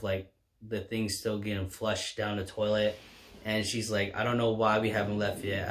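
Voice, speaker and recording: A man's voice: fairly low pitch, a bit bright. A man casually recapping a horror comic as a reviewer, rambling along with lots of fillers and restarts. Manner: rambling, filler-heavy retelling.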